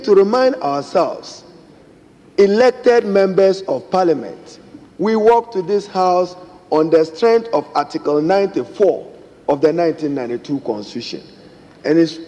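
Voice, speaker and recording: A man's voice: fairly high pitch, warm tone. A man with a Ghanaian English accent, a member of parliament giving a formal speech and repeatedly addressing the Speaker in a parliament chamber. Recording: reverberant chamber with faint noise.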